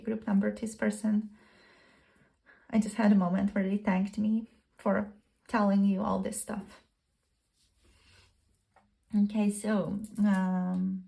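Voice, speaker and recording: Soft gravelly-voiced woman tarot reader. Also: medium pitch. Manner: halting, hesitant, soft-spoken, many fillers. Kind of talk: channeled love tarot reading.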